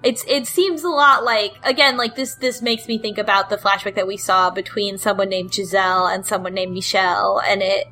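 A woman hosts a relaxed podcast conversation, walking through a game with plenty of hesitations and filler words. Her voice is bright and forward, and her asides are cheeky and irreverent. Soft music sits faintly underneath. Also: medium pitch, moderate pace, hardly any pauses, poor audio. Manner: rambling, hesitant, with frequent ums and laughs. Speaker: podcast host recapping a game. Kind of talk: casual chat.

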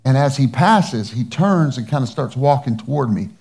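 A man's voice: medium pitch, animated, normal speed, gravelly, a little mellow. A male pastor, telling a personal story in a sermon and acting out the dialogue. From United States.

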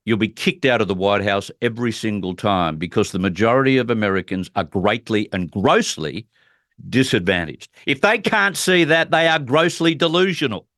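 Indignant radio host, dry sound. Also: male voice, fairly low pitch, expressive, normal speed, fairly bright tone, no echo. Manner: emphatic, indignant. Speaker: radio talk show host. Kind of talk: political talk radio.

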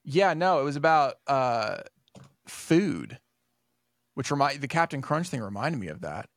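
Gravelly, swearing podcast co-host, a man. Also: medium pitch, measured pace, dry recording, clean studio sound. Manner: rambling storyteller, swears often, animated retellings. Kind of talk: casual podcast chat.

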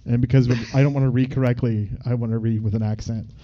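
A man's voice: medium pitch, steady tone, quick pace, dark tone. A man co-hosting a casual podcast, explaining things in a rambling way with lots of fillers. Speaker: podcast co-host. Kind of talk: casual chat. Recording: dull lo-fi recording.

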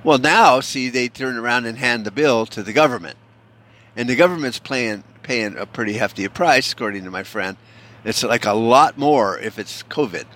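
Man, from the United States, casual rant, sarcastic, swearing, rambling, restarts, mid-pitched. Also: moderate pace, a bit bright.

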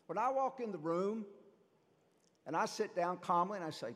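A man, a priest, giving a sermon in a conversational, animated way, asking the congregation rhetorical questions. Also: high-pitched, unhurried, pauses often. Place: church. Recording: long church reverb.

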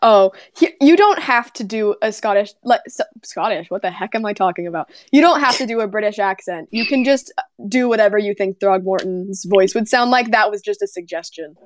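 A woman's voice: medium pitch, a little fast, hardly any pauses, dry recording. A woman playing in a tabletop game, chatting casually and giggling as she rambles. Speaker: player.

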